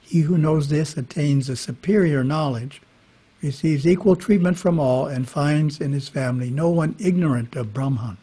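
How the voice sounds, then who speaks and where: A man giving a spiritual talk, reading scripture in a measured way with brief casual asides. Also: a little high, warm tone, slightly rough. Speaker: monastery teacher. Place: monastery. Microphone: webinar microphone.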